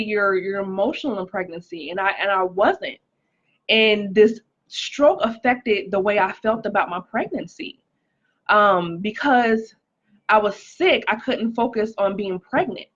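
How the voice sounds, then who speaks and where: A woman talks to her viewers in a relaxed, chatty livestream testimony, her voice sitting in a middle register. She fills her speech with "like" and "um" and stops to greet people by name. The sound is a little dull and lo-fi. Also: medium pitch. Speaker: livestream host sharing a testimony. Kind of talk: casual live-stream testimony.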